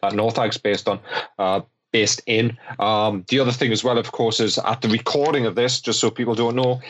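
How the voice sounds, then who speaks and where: A man with a fairly low voice adds calm, measured remarks to the conversation. There is a faint hiss of noise behind him. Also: lo-fi sound. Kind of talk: casual podcast chat.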